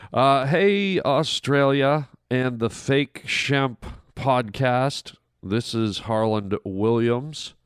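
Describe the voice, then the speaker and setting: A male comedic actor rambles through animated stories, full of fillers and restarts. His voice is clear and resonant. The recording is close and dry, with no room sound. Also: medium pitch, no echo. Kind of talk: recorded message, casual storytelling. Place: recorded separately from the hosts.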